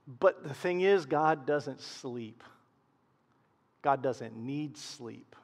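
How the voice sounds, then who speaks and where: A man preaching a sermon as pastor, swinging from loud emphasis to hushed, quiet lows. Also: animated, extremely slow, big-room sound.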